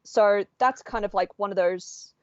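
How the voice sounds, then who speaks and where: Aussie woman on a podcast, lively storyteller doing little voices, dry muffled sound. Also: medium pitch, measured pace, no echo. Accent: Australian. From Australia. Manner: animated storyteller, acts out voices. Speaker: podcast co-host. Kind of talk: casual chat.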